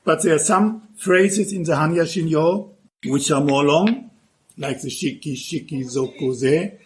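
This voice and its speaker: A man, a Zen monk, calmly explaining how to drum, in plain instructional English that is not his first language. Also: on the high side, measured pace. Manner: calm, plain instructional phrasing in non-native English. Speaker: Zen monk teaching drumming. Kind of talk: spoken instruction between drum demonstrations.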